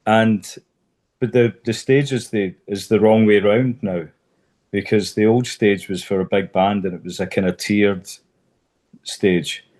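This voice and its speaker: Low-voiced man telling stories. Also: a little slow. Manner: relaxed anecdotal storyteller. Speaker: podcast co-host. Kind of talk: casual storytelling chat.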